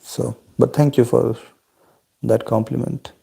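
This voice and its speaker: A man from India, chatting on a video call with his family and answering their questions in a measured, thoughtful and polite way. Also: mid-range voice, little pitch movement, creaky, warm tone, slightly rough.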